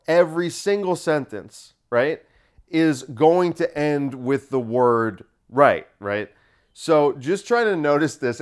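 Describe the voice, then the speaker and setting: Man, podcast host, casual solo rant, sardonic, emphatic, smooth clear voice. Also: mid-range voice.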